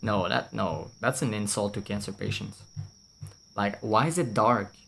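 Guy streaming a game, kinda low voice, swears a lot, laughs a bunch, bit of hiss. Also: measured pace, gravelly, a bit bright. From France. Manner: blunt and swearing, laughs often. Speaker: VTuber streamer. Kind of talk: casual gameplay commentary.

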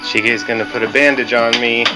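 A man chatting softly and slowly in candid travel footage, chuckling between words. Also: medium pitch, fairly even intonation, poor audio. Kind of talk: casual chat in travel footage. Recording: candid camera footage under loud music.

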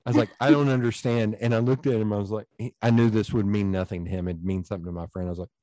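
Southern guy hosting a podcast, lowish voice, dry close sound, animated stories. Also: racing, dry recording. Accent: Southern US, East Tennessee. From East Tennessee. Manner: animated storyteller, swears freely. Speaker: podcast host. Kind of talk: casual storytelling chat.

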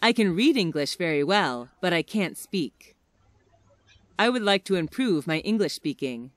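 A woman reading short everyday English phrases one by one for listening practice, with careful, expressive enunciation. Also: on the low side, unhurried, no room sound.

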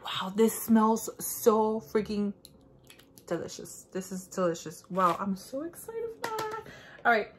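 An excitable woman chatting casually as she unwraps beauty products at her desk, gasping and cheering at each reveal. Her voice sits at an ordinary pitch for a woman. A faint hiss runs under the recording. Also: measured pace. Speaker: beauty vlogger. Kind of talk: casual unboxing chat. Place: indoors at a desk.

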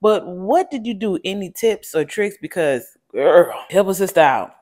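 A woman vlogging casually to camera, sassy and playful, reviewing a wine with sudden loud exclamations and Southern-tinged slang. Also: fairly low pitch, animated, moderate pace.

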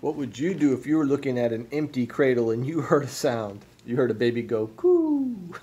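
A father reads a picture book aloud to young children in a lively storytelling manner. He stops now and then to put questions to his listeners. His voice is mellow, and a faint hum of background noise sits behind it. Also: mid-range voice, brisk, dull audio.

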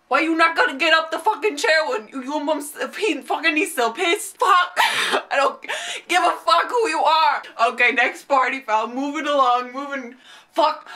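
A woman ranting in a reaction vlog, swearing constantly and breaking into shouted outbursts. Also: high-pitched. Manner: profane, rants with shouted outbursts. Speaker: vlogger reacting to a webtoon chapter.

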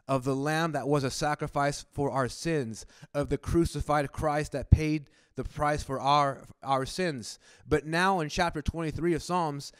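A man's voice: fairly high pitch, clean tone, no room sound, studio quality. A man preaching a sermon at a church service in a conversational style, often restarting words and asking the congregation questions. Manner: asks the congregation direct questions. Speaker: pastor.

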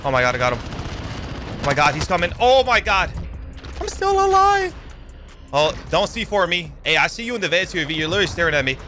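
A young man giving excitable live commentary over his own gameplay, yelping and swearing as the fights heat up. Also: on the high side, very fast, soft background music. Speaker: gaming YouTuber. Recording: game gunfire loud under the voice.

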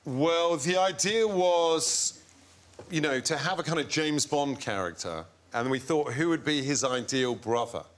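A man telling comic stories as a guest on a chat show, playing the people in them in an animated way. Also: fairly high pitch, a little slow. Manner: animated storyteller doing the voices of people in his stories.

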